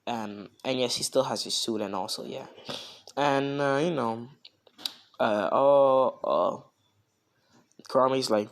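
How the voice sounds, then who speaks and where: A young man improvising a fan story in a loose, rambling way, full of casual fillers. He talks slowly, and his voice sits at a mid pitch. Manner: rambling, heavy on "you know" fillers.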